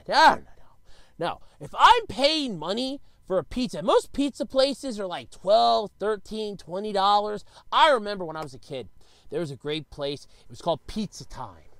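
Animated ranting man, dry sound. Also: high voice, no room sound. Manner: animated, exclamatory ranting with repetitions. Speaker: vlogger. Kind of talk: comedic rant.

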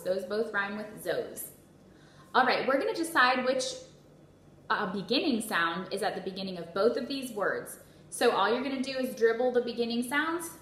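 A woman teaching a phonics lesson to young children, sounding out words slowly and clearly and praising often. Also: medium pitch, fairly bright tone. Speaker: first grade teacher. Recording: echoey room with faint noise.

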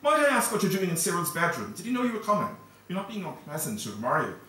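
Man doing a haughty novelist mum, disdainful and fussy, voice up high, far off in a big echoey room. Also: huge pitch swings, fast, bright, forceful tone, heavily acted. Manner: fussy, disdainful, cuttingly polite. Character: prim, haughty female novelist mother. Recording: echoey hall, distant mic.

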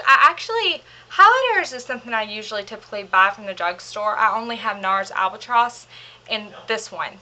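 Bright-voiced chatty woman vlogger. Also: mid-range voice. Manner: gushing, rambling, lots of fillers. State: slightly out of breath, hurrying. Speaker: beauty vlogger. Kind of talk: casual chatty product haul.

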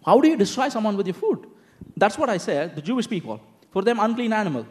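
A man's voice: sits high, fast. A man preaching a sermon in a conversational style, explaining scripture with frequent asides and rhetorical questions. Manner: conversational, animated preaching with frequent "you know" and "okay?".

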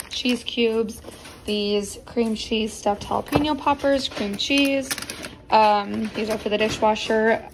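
A woman's voice: on the high side, slight background noise. A young adult woman, a kindergarten teacher, talking in a chatty, conversational way to her vlog audience. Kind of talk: casual vlog chat.

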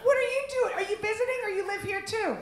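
A woman's voice: extremely high pitch, fast talker. A woman comedian doing stand-up crowd work on a club stage, brash and teasing, laughing often. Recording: echoey club with loud noise.

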